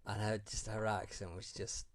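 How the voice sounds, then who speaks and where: A man's voice: lowish voice, flat delivery, normal speed. A man co-hosting a casual podcast, curious and easygoing, asking questions. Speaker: podcast co-host. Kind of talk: casual chat.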